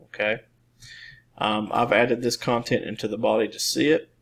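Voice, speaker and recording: A man in his thirties giving a relaxed, rambling coding lesson with many fillers and restarts. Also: mid-range voice, normal speed, gravelly. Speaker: teacher. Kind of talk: screen-recorded coding lesson.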